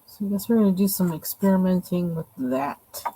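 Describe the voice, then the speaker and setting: A woman's voice: fairly low pitch, normal speed, dark tone, slight background noise, poor audio. A woman casually showing her coloring pages at home, rambling and thinking aloud as she goes. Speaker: coloring channel host. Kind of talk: casual show-and-tell.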